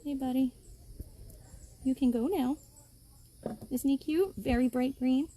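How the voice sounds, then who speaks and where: Speaking slowly in a high-pitched, mellow voice, a female wildlife educator streams a cheerful outdoor lesson by a pond. She explains nature to children and speaks right to them.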